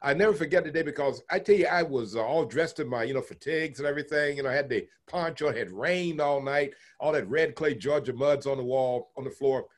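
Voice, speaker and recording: An older man from Texas recounts his past at length in an interview. His voice sits a bit higher than most men's. He chuckles and slips into the voices of the people he remembers. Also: fast, few pauses. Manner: animated storyteller, chuckles, acts out quoted voices. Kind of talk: oral history storytelling.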